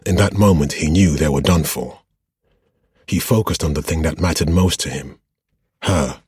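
A man narrating a fantasy novel as an audiobook in a steady, measured way. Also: very deep voice, breathy edge, dry recording, clean studio sound.

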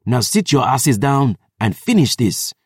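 A man's voice: medium pitch, very animated, measured pace, slightly rough, no echo, studio quality, voice pushed up. Haughty vampire scholar, voiced by a man, commanding and formal. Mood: imperious. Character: imperious aristocratic vampire historian.

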